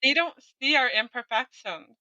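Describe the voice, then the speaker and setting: Bright-voiced earnest woman storyteller. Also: high voice, animated, moderate pace, no room sound, highs cut off. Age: 40s or older. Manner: candid, earnest, with frequent tag questions. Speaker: guest. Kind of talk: conversational storytelling.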